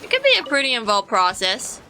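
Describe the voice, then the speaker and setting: A young-sounding woman streamer talks through her gameplay in a casual, rambling way, explaining things to her chat. Her voice is very bright and sits somewhat high, with faint music playing underneath. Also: wildly swooping pitch, brisk, low-quality recording.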